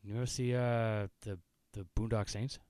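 A man co-hosting a casual podcast who chimes in with quick reactions and short quips. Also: on the low side, level tone, warm tone, no echo, clean studio sound. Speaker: podcast co-host.

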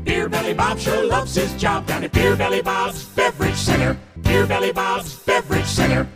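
A woman's voice: very high-pitched, huge pitch swings, moderate pace. A woman singing a radio jingle melodically. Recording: jingle with loud backing music.

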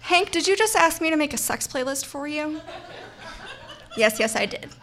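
A young woman telling a funny personal story on stage, animated and laughing, acting out the voices of the people in it. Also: high voice, normal speed. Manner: animated, acts out quoted voices, laughs often.

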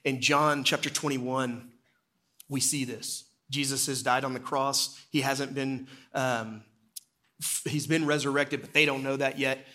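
A man preaching a sermon in a church sanctuary, telling the story in an easy, conversational way. His pitch sits mid-range for a man. At the solemn parts he sinks lower and quieter. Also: steady tone, measured pace. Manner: storytelling, drops low and quiet for solemn moments. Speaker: executive pastor.

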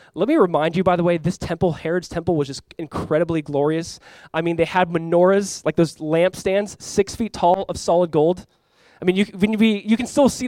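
A male pastor with a fairly high voice delivers a lively sermon. He reads scripture with mounting emphasis, then slips into casual, joking asides. The sound is dry and close, with little room echo. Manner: conversational asides and jokes.

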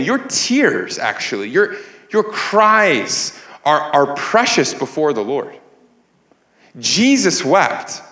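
Earnest preacher in an echoey church. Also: male voice, fairly high pitch, a bit bright. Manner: earnest, repeats words while building emphasis. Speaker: pastor. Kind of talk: sermon. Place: church sanctuary.

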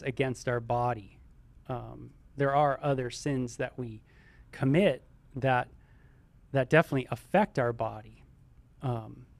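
A middle-aged male pastor teaching a sermon, animated and conversational, with many ums and exclamations. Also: mid-range voice, dry recording. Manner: animated, exclaims and voices imagined listener reactions; many ums and you-knows.

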